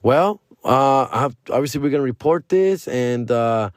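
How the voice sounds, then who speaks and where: A man's voice: medium pitch, normal speed, no room sound, clean studio sound. A young adult man, a comedian and podcast host, telling a comic story with lots of swearing and acting out both sides of the conversations. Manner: animated, profane, acts out both sides of conversations.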